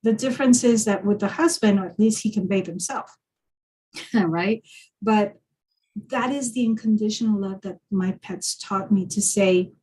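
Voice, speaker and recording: A woman's voice: mid-range voice, unhurried, a little mellow, low-quality recording. A woman, a guest on a video call, talking reflectively through a personal story with frequent restarts. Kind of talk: casual conversation.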